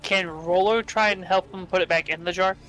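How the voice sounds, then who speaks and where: A player describing a character's actions in a tabletop role-playing game, casual and pausing to search for words. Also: mid-range voice, steady tone, a bit bright, faint music behind, poor audio.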